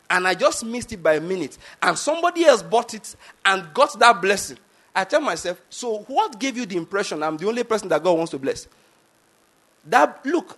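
Emphatic Nigerian pastor, high voice. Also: male voice, a bit bright. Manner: emphatic, repetitive, asks the congregation questions. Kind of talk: sermon.

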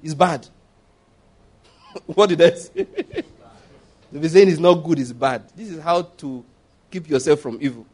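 Brief: middle-aged Nigerian pastor, fairly high voice, conversational lively sermon. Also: male voice, unhurried, pauses often, husky. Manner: lively, chatty preaching with laughs and asides. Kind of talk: sermon at a Bible study.

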